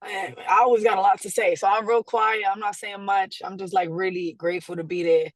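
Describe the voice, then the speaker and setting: A woman being interviewed, telling a story in a casual, animated way, acting out quotes and laughing often. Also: mid-range voice, a little fast, no room sound. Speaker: guest artist.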